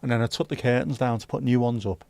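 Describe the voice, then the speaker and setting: A man's voice: mid-range voice, steady tone, fast, darkish tone, smooth, no echo. A man hosting a casual livestream, chatty and jokey as he reacts to chat messages. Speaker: livestream host.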